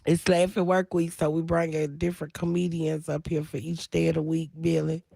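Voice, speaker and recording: A woman's voice: low-pitched, flat delivery, fairly quick, creaky, warm tone, no room sound, clean studio sound. A woman, hosting a morning radio show in casual banter, laughing often and using plenty of slang.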